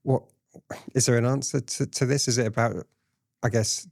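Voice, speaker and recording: A man's voice: medium pitch, steady tone, normal speed, creaky, darkish tone, dry recording, studio quality. A man interviewing a guest, asking questions hesitantly with restarts and many "I guess" phrases. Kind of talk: conversational interview.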